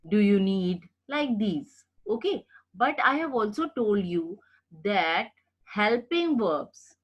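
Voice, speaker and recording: A woman's voice: mid-range voice, fairly bright tone. A woman giving a recorded English grammar lecture, explaining patiently and repeating points, often checking in with "okay?". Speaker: English teacher.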